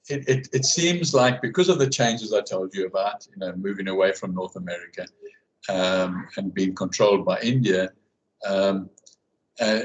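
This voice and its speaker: A man with a fairly low voice talks casually over a video call. He speaks haltingly, stacking fillers and restarting his sentences as he thinks aloud. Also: low-quality recording. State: hiccuping. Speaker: class guide and researcher. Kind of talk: casual conversation.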